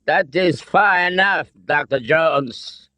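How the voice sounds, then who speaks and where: A man's voice: fairly high pitch, slow pace, bright, forceful tone, no room sound, voice pushed up. A man voicing a big, brutish Nazi colonel with a thick German accent, barking orders in an audiobook. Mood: menacing. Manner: barking orders through clenched teeth. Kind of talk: audiobook character voice.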